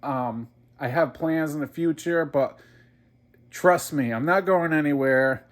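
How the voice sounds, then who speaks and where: A middle-aged gaming YouTuber films a rambling home vlog on a handheld camera mic, chatting casually and calling his viewers "you guys." His voice is fairly high and unhurried, and he moves from indoors at home to outside in the wind.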